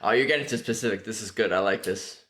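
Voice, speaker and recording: A man's voice: lowish voice, fast talker, fairly bright tone, reverberant. A man hosting a chat podcast, chiming in with short, teasing remarks. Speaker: podcast host. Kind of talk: casual chat.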